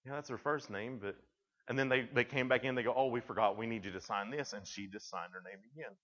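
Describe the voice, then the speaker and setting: A young male youth speaker talks to junior high students in a loose, storytelling way, often restarting his sentences. His voice sits at a middle pitch for a man. The recording sounds dull and slightly lo-fi. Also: quick pace, a bit bright, big-room sound. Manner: conversational storytelling with frequent restarts.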